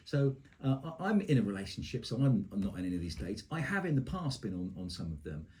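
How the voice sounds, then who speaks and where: A man's voice: on the low side, sing-song, fast, a little mellow, slight background noise. A man hosting a podcast in a chatty, teasing broadcaster's manner. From England. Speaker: podcast host and former radio presenter. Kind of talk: casual chat.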